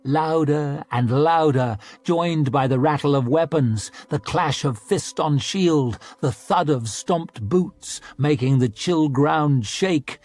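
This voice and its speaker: A man reading a fantasy audiobook in a slow, measured, dramatic way. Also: a little high, a little mellow, dry recording. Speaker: audiobook narrator. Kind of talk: scripted audiobook narration.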